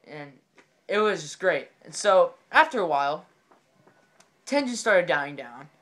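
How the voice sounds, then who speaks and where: Excitable rambling man telling a funny story. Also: a little high, measured pace, very noisy. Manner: excitable, rambling, repeats phrases. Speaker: comedic storyteller. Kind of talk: comedic storytelling monologue.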